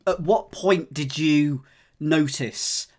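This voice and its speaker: A man's voice: fairly high pitch, takes it slowly. A man solving a cryptic crossword on a live stream, chatting and joking with his viewers as he thinks aloud. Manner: chatty, jokey, thinks aloud, talks to chat. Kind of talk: casual live-stream chat.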